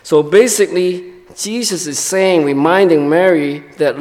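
A man preaching a sermon in a church, explaining in a halting way with frequent restarts. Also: on the high side, a little mellow. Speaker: pastor. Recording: long reverb of a large hall.

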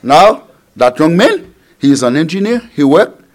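A middle-aged male preacher from Haiti delivers a sermon in a fairly high voice. He repeats his phrases for emphasis and swings between loud declarations and quiet asides. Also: sing-song, moderate pace.

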